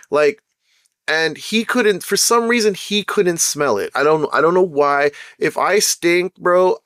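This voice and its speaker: A man tells a story from his own life in a relaxed, streetwise way, dropping "bro" and "right?" all through it. His voice sits a little high and bounces around with lots of expression. He is recorded close and dry, with no room sound around him. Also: no echo. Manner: slangy and animated, keeps saying "bro" and "right?". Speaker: podcast host telling a personal story. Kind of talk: casual storytelling monologue.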